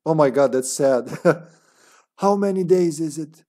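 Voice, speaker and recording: A young man streaming a game, chatting casually, joking and laughing often with quick asides. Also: fairly high pitch, warm tone. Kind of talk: casual gaming commentary.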